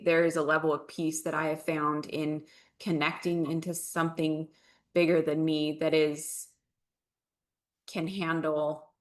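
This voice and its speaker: Low-voiced woman telling a heartfelt story. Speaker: podcast guest. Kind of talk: candid personal storytelling.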